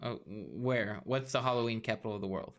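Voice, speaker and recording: A man co-hosting a casual podcast chat, easygoing and quick to laugh, steering the talk along. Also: fairly low pitch, a bit bright. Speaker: podcast co-host.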